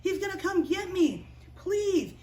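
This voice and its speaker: A woman's voice: very high-pitched, sing-song, measured pace, darkish tone, roomy sound, far from the mic, voice pushed up, exaggerated voice. A woman voicing a worried, pleading young man from a Bible story, told to children. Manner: anxious, begging.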